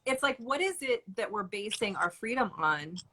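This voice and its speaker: A woman hosting a casual online chat, talking in an animated way, swearing and laughing now and then. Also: medium pitch, moderate pace, slightly rough. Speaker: host.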